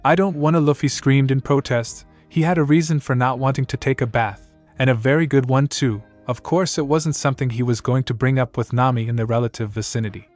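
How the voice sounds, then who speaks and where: A man's voice: mid-range voice, steady tone, a little fast, few pauses, a little mellow, soft background music. A man reading fan fiction aloud, keeping the characters' lines close to his own voice. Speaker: fanfic narrator.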